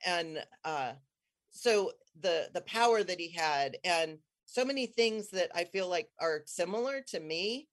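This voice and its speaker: A speaker in casual conversation telling a personal story with excitement, rambling through restarts and jumping into high, squealing tones whenever quoting themselves. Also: a little slow. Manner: rambling, many restarts and trailing phrases.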